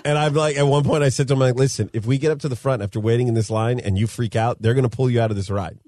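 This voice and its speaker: A man's voice: medium pitch, fairly even intonation, rapid-fire, warm tone, no echo, clean studio sound. A man co-hosting a podcast, telling a story in casual chat, laughing mid-sentence and acting out what people said. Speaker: podcast co-host.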